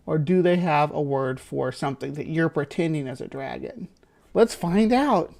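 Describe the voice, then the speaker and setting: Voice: medium pitch, animated, normal speed, creaky, darkish tone. A livestream host giving casual, rambling commentary on a video, stopping to correct and qualify points.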